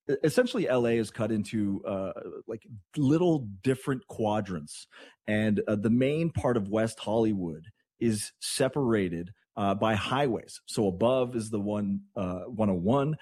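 A man from Canada hosting morning radio, talking in a chatty, rambling way with excitable asides. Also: lowish voice, dry recording, studio quality. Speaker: radio host.

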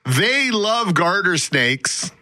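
A man's voice: sits high, big pitch swings, extremely slow, bright, forceful tone, dry recording. A man co-hosting a morning radio show, reading the weather and listener texts in a wry, self-deprecating way. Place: radio studio. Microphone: studio microphone.

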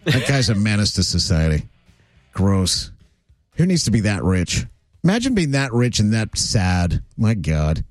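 A man hosting a radio show, chatting casually and joking with quick asides. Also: fairly low pitch, big pitch swings, dry recording, studio quality, faint music behind. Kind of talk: casual on-air banter. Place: radio studio. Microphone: studio microphone.

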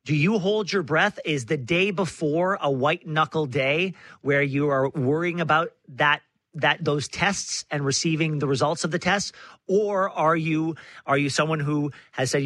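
A man's voice: on the high side, a little slow, fairly bright tone, no room sound. A man hosting a radio interview, asking probing, searching questions and introducing segments. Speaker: radio show host.

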